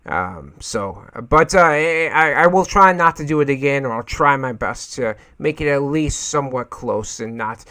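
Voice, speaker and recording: A man hosting a gaming channel, chatting casually and reading an article aloud, pausing often with "uh". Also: mid-range voice, expressive, bright, forceful tone, clean tone. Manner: hesitant, fills pauses with many "uh"s.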